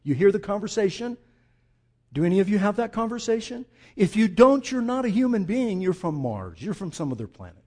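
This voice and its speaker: A man preaching a sermon with a high, lively voice that climbs and drops widely. He talks straight to the congregation and acts out the lines of the people in his story. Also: brisk. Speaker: pastor.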